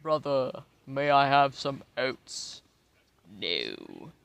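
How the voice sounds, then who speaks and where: A tipsy man voicing two hungry horses who bicker over oats, with drawn-out pleading lines. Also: mid-range voice, wildly swooping pitch, vocal fry, a bit bright, clear, resonant tone, no room sound, heavily acted.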